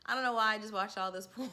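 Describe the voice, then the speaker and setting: Bright-voiced woman in her forties telling a story. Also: on the high side. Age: 40s. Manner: candid, laughing, animated quoting. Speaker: vlogger. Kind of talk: casual storytelling to camera.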